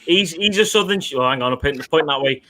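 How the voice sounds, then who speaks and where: A man's voice: fairly high pitch, expressive, racing, sharp tone, slight background noise. A man with a Liverpool accent, chatting as a guest on a live stream, boisterous, tipsy and swearing heavily. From Liverpool, England. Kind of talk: casual chat.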